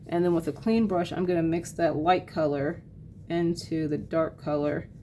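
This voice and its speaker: A woman giving a casual painting tutorial, chatting loosely with fillers and quick apologies as she works. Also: deep voice, steady tone, dark tone, slight background noise. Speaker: art teacher.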